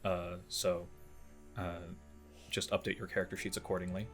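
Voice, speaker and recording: Low-voiced man running a tabletop game. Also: level tone, moderate pace, a bit bright, soft background music. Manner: hesitant, many fillers and restarts. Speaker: game master. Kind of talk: narrating and ruling a tabletop game.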